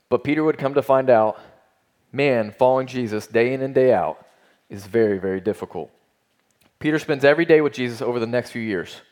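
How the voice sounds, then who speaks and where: A man preaching a sermon, earnest and emphatic, asking rhetorical questions and repeating phrases for weight. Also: mid-range voice. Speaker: pastor.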